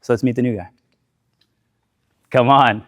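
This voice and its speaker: A man's voice: medium pitch, steady tone, unhurried, lo-fi sound, noisy background. A man giving a candid motivational talk to a live audience, telling his story, swearing freely, asking questions and tagging lines with "right?".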